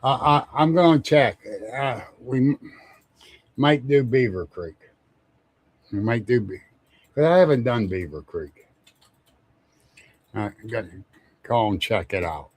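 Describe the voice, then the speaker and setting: A man's voice: mid-range voice, expressive, a little slow, pauses often, dry recording. A man hosting a casual live stream, rambling, chuckling often and greeting viewers by name. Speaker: livestream host.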